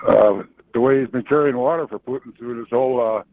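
A man's voice: mid-range voice, fast talker, no echo. A man calling in by phone, giving a blunt, opinionated take. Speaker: caller. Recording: tinny phone line.

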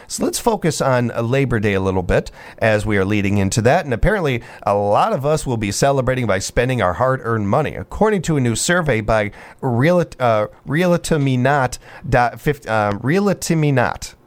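A male morning radio host in the studio, talking in an easygoing, chatty way. His pitch sits in the middle range. He breaks off sentences and restarts them often, and sometimes clears his throat. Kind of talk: casual radio banter.

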